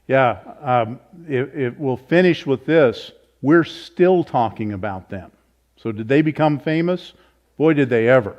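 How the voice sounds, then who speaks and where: A man's voice: medium pitch, a little mellow. A pastor teaching a Bible study in a conversational way, asking the group questions and thinking aloud as he goes. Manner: informal, thinks aloud, self-corrects. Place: church meeting room. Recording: slightly dull, lo-fi.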